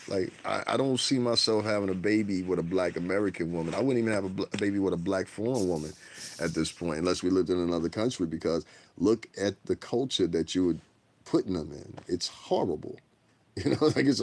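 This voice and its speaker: A man's voice: deep voice, brisk. A man ranting bluntly on his own livestream, profane and streetwise, often tagging "you know what I'm saying". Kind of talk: casual livestream rant.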